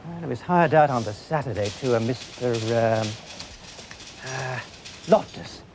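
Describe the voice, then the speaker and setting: A man's voice: medium pitch, animated, unhurried, background noise. An actor playing a chatty, flustered man who manages a car hire firm, rambling and chuckling as he talks.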